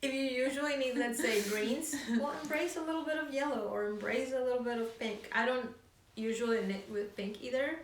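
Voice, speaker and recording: Chatty woman with a higher voice, echoey room. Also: fairly quick. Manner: chatty, rambling, many fillers. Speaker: co-host of a knitting show. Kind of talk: casual chat. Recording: echoey room, distant mic.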